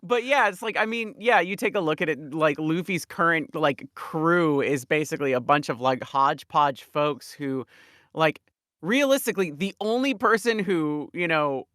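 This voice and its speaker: A young podcast co-host chatting casually, wry, dropping into deadpan low asides. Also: normal speed, dry recording, studio quality. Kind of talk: casual chat.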